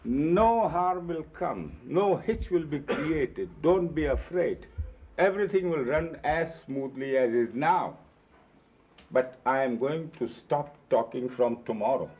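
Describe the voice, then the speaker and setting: An older man, voicing his spiritual master's quoted words, gives calm, measured instructions and emphatic warnings to followers. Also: on the high side, slightly rough, exaggerated voice. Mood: reassuring. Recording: dull lo-fi 1970s videotape.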